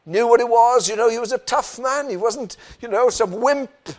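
A man's voice: extremely high pitch, normal speed. A man preaching a sermon in an earnest manner, often asking the listeners rhetorical questions. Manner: earnest, rhetorical questions, frequent "you know" and "isn't it".

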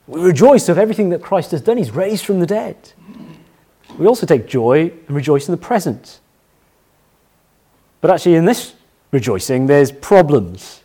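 Sermon: middle-aged pastor, lively pitch, emphatic, repeats lines. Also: male voice, normal speed, long pauses, breathy edge. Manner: anecdotal, emphatic, repeats key phrases.

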